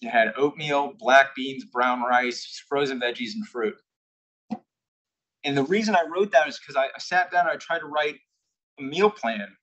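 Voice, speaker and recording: A man speaks to a live audience with a husky edge to his voice, recounting a candid personal story. He sometimes acts out past exchanges. His pitch sits in the ordinary middle range for a man. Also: normal speed, poor audio. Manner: candid storytelling, acting out shouted quotes. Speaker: invited speaker. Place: corporate headquarters presentation room.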